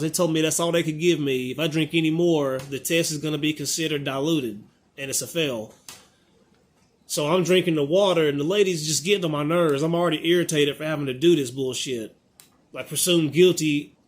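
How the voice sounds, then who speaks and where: 30s guy ranting through a storytime vlog, kinda high voice, does both sides of the convo. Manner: animated, exasperated, acts out both sides of the conversation. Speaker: vlogger. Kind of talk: casual storytime monologue.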